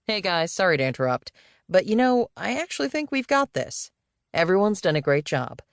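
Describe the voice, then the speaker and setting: A woman's voice: lowish voice, very animated, moderate pace, gravelly, smooth, dry recording, studio quality, voice pushed up. A woman doing a breezy male boss. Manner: casual, breezy. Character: laid-back, evasive middle-aged male executive.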